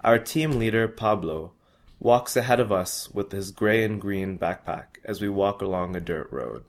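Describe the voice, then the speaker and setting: A man's voice: lowish voice, a little slow. A young man earnestly reading his personal travel story aloud. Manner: earnest, with small restarts.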